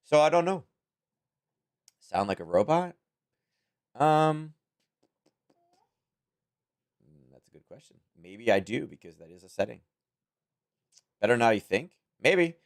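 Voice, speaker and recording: Male stream host, slightly hoarse, casual rambling delivery, close-miked at home. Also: medium pitch, sing-song, unhurried, long pauses. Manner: rambling, thinking aloud, chuckling asides. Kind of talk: casual livestream chat. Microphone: close-up desk microphone.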